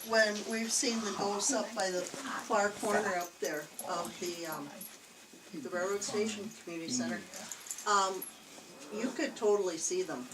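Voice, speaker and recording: A woman telling a chatty, animated story indoors in an old jail, laughing easily. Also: medium pitch, a little slow, over a noisy crowd. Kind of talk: casual storytelling to investigators. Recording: echoey, distant, noisy camcorder audio.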